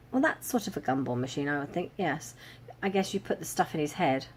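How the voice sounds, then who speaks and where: A woman chatting casually through a craft box unboxing, amused and quick to laugh. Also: sits low, animated, a little hiss or hum. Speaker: crafting vlogger.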